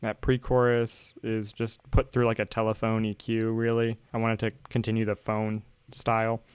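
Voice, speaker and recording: A man's voice: on the low side, completely flat delivery, moderate pace, a little mellow, smooth, no room sound. A young man casually walking through how he made his song, in a laid-back tone full of "like". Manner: laid-back, filler-heavy, uses "like" often. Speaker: music producer explaining his song. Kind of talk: casual tutorial voice-over. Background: his song playing underneath.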